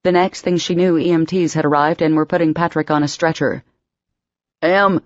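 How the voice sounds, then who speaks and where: A woman narrating an audiobook in a steady, expressive storytelling voice. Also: sits low, fast, no echo, lo-fi sound. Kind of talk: scripted narration.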